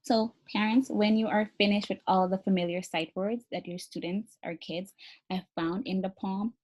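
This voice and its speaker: A woman's voice: medium pitch, fairly even intonation, moderate pace, a little mellow. Encouraging woman teaching early reading. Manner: encouraging, speaks directly to parents; models activities step by step, spelling words letter by letter. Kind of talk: instructional video for parents.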